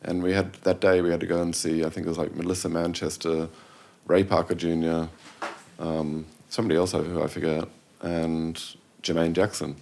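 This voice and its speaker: Here a middle-aged man tells meandering anecdotes on a podcast, doubling back to correct himself and voicing the people he quotes. The tone is low, dark, and fairly flat with vocal fry, delivered at a normal pace over slight background noise.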